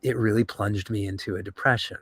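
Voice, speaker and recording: A man's voice: lowish voice, steady tone, brisk, fairly bright tone, breathy edge, dry recording. A middle-aged man speaking openly and reflectively as an interview guest. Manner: open, reflective. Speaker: podcast host guest. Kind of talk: candid conversation.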